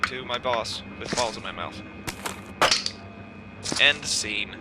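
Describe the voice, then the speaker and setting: Deadpan young man over loud music. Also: medium pitch, moderate pace. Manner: dry deadpan replies. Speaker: livestream co-host. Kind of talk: casual improvised comedy banter.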